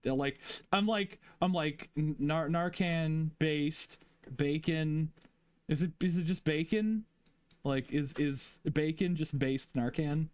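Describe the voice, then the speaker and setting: A man's voice: fairly high pitch, takes it slowly, clean tone, no room sound. A man streaming and chatting casually with a friend, laughing often and rambling through restarts. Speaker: streamer ranking fan fiction chapters.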